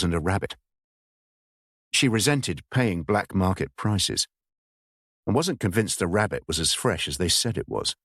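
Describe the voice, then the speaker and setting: A man narrating an audiobook in a measured, expressive storytelling style. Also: on the low side, no echo, studio quality.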